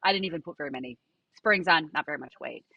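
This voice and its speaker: Husky middle-aged woman, super animated, dry close sound, reassuring pilates teacher vibe. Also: deep voice, fast talker, dry recording, muffled recording. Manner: animated, emphatic storyteller, reassuring. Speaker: Pilates instructor and studio owner. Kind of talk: podcast interview guest.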